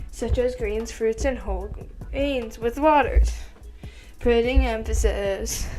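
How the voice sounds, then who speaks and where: A teenage girl talking through her study notes in a slow, offhand way and swearing casually. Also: fairly high pitch, darkish tone. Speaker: student.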